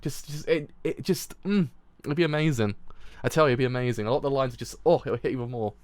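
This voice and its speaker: A man streaming a live reading and reaction to a comic, excitable and rambling, often restarting his sentences. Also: mid-range voice, fast talker, no echo.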